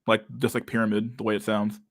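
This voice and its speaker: A man's voice: lowish voice, completely flat delivery, fast, a bit bright, dry recording. A young man hosting a casual livestream chat, talking with a lisp and a stutter and many fillers as he reads out chat messages. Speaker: livestream host reading chat.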